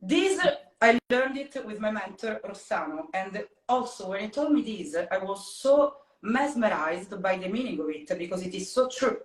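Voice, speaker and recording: Thoughtful woman in her thirties, podcast co-host, halting and reflective delivery, echoey room. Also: mid-range voice, animated. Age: 30s. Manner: reflective, searching for words with many "uh" pauses. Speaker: podcast co-host and life coach. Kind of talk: casual podcast chat.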